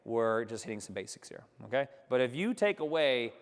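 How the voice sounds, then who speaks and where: A man's voice: mid-range voice, very animated, fairly quick, in a large hall. A man teaching a live business workshop, coaching energetically and checking in with "okay?" after nearly every sentence. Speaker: workshop instructor. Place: seminar room with remote attendees.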